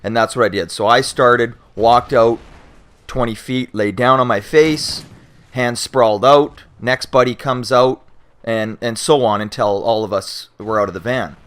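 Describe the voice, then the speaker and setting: A young Canadian man with a mid-range voice tells a story in a loose, casual way. He is animated and swears freely, often stumbling and restarting his sentences. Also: medium pitch, a little slow, clear, resonant tone. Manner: animated, acts out shouting cops and panicked friends. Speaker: YouTuber answering viewer questions.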